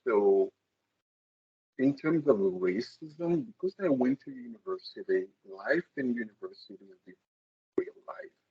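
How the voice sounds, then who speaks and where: Husky man searching for words. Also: lowish voice, expressive, normal speed, no echo, dull audio. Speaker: panelist. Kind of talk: casual panel discussion.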